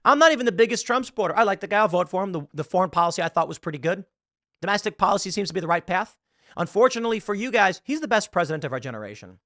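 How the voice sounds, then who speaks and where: A man's voice: sits high, lively intonation, very fast, fairly bright tone, no echo, studio quality. A man in his thirties hosting a political commentary show, ranting sarcastically and mocking an article he reads aloud. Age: 30s.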